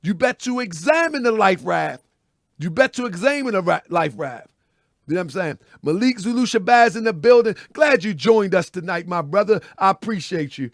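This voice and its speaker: A man's voice: sits high, expressive, moderate pace, no echo, clean studio sound. A man hosting a live online commentary show, preaching in a repetitive way, calling his viewers family and often asking if they follow him. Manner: preachy, repeats phrases, asks "you know what I mean?". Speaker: host.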